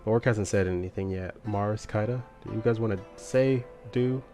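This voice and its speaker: A man runs a tabletop game as game master, narrating in a relaxed and hesitant way. His voice sits low. Clear music plays behind him. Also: moderate pace.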